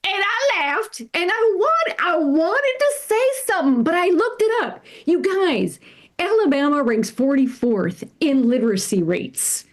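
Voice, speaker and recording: A woman's voice: very high voice, sing-song, measured pace. A middle-aged woman from California doing a stand-up comedy set, chatting with the crowd and laughing at her own jokes.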